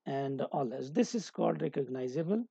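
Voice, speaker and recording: Dark-voiced man lecturing, halting delivery. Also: mid-range voice, animated, creaky, breathy edge, no room sound, dull audio. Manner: explaining with many hesitations and restarts. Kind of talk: recorded lecture.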